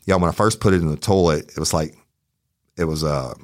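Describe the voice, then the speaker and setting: Fired-up deep-voiced man. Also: a little fast, dry recording, studio quality. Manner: profane, heated, animated retelling. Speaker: true crime podcast host. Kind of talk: storytelling, casual monologue.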